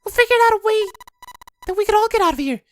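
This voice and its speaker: A woman putting on a frantic young woman's voice in a high, strained falsetto, reading a game aloud. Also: expressive, fast, faint music behind. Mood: desperate pleading. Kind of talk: let's play visual novel read-aloud.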